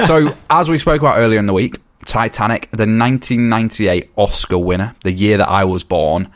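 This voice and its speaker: A man's voice: on the low side, a little fast. A young man in his twenties with an English accent, hosting a podcast in casual chat and often repeating words as he talks. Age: 20s. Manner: chatty, stumbles and repeats words. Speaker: podcast host.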